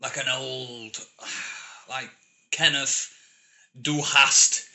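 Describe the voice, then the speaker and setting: A man co-hosting a casual chat show, cheeky and sweary, quick to argue a point. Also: mid-range voice, flat delivery, bright, forceful tone. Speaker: podcast co-host. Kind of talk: casual banter.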